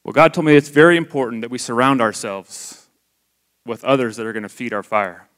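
A man's voice: mid-range voice, brisk, fairly bright tone. A man in his forties giving a candid, conversational testimony sermon to his church. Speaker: lay church speaker.

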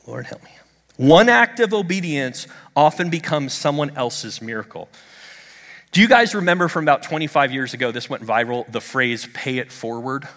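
Middle-aged male preacher, animated storyteller with a bouncy, expressive delivery, miked in a reverberant sanctuary. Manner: animated storytelling, lively swings in pitch. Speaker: pastor. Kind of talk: sermon. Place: church sanctuary under stage lights. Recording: long hall reverb.

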